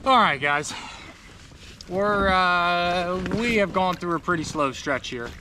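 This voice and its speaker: A man's voice: high voice, slow pace, background noise. A man hosting a fishing trip vlog, talking casually outdoors on a river raft with wry, joking, self-deprecating commentary.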